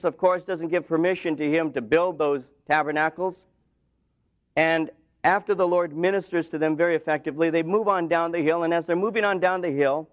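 A man preaching a sermon in a church, retelling scripture with dramatic rises and drops in intensity. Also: fairly high pitch. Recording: dull lo-fi sound.

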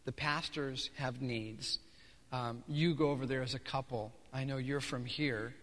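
A man's voice: medium pitch, steady tone, unhurried, a bit bright. Playful man interviewing in a reverberant church. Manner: conversational, playfully teasing. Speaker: pastor interviewing missionaries. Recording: long reverb of a large hall.

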